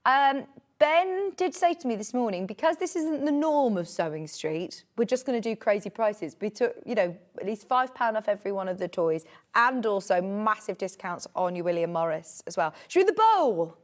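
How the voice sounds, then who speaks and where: Lively chatty British woman selling. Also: mid-range voice, moderate pace. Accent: British English. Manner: chatty, bubbly sales patter. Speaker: shopping channel presenter. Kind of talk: live home shopping sales chat.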